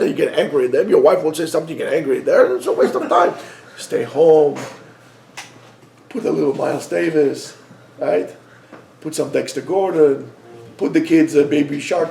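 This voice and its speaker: A man's voice: on the high side, normal speed, vocal fry, roomy sound, slight background noise. A middle-aged man teaching an informal Torah lesson, joking and telling stories conversationally. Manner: animated storyteller, joking, conversational. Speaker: rabbi teacher.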